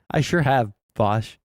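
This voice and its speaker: Man, streamer, rambling wry commentary, mid-pitched, dry close sound. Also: darkish tone, no room sound. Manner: rambling, filler-heavy, wry. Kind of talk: casual political commentary stream.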